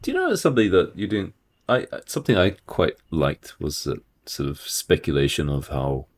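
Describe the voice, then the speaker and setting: A man's voice: low-pitched, moderate pace. A man co-hosting a book podcast, telling stories with laughter and playful mimicry. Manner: animated storyteller, laughs, mimics voices. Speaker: podcast co-host. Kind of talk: casual chat about books.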